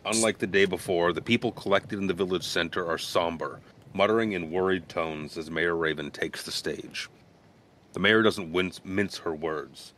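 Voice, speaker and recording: A man's voice: sits low, normal speed, fairly bright tone. A man narrating a tabletop game as game master in a casual way with many fillers.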